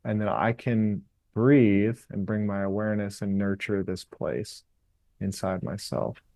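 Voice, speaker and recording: Man, podcast guest, calm explanatory interview talk, low voice, dry close sound. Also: a little slow, creaky, no echo. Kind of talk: reflective interview talk on meditation.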